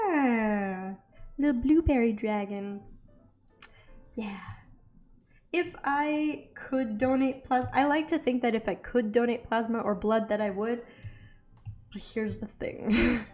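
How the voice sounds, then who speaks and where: A young woman with a drawl chatters away as she draws, laughing at herself as she goes. Her voice sits a little high, and faint music plays under it. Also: a little mellow. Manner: chatty, self-deprecating, giggly. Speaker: art vlogger. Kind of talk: casual chat while drawing.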